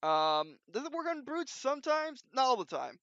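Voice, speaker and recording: A man's voice: very high voice, very animated, normal speed, a bit bright, dry recording. A man hosting his own video, talking off the cuff in a rambling way, full of restarts and fillers, in a dull lo-fi recording. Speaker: video host. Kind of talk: unscripted casual commentary.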